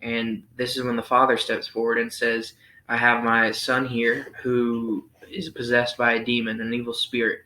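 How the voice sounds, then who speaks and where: A young man reading scripture aloud and explaining it in a relaxed youth Sunday school lesson, thinking aloud with frequent ums. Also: mid-range voice, normal speed. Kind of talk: Bible reading and casual lesson. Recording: roomy echo.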